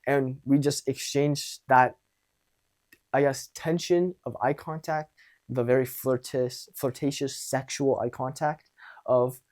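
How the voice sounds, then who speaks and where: A man's voice: mid-range voice, normal speed, darkish tone. A young man coaching on dating and social skills in a casual monologue, blunt and profane, acting out exchanges as he talks.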